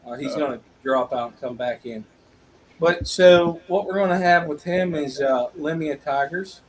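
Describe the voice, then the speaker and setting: A man's voice: fairly high pitch, moderate pace, slight background noise, low-quality recording. A man hosting a casual live-stream fish auction, upbeat and loose, talking straight to his viewers. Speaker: auction host.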